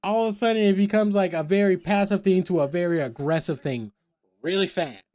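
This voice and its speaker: A man's voice: high-pitched, a little fast, darkish tone. A young adult man chatting casually with his stream audience, rambling and often repeating words.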